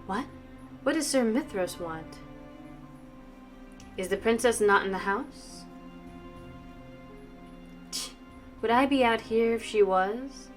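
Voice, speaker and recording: A woman voicing a creepy, insolent masked man in a slow, mocking drawl while playing a story game. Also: fairly high pitch, animated, faint music behind. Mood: snide.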